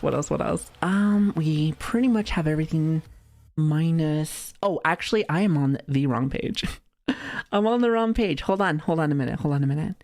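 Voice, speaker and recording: A woman with a deep, slightly mellow voice hangs out with her viewers in a casual live-stream chat. Playful and giggly, she keeps laughing and sprinkles in light swearing.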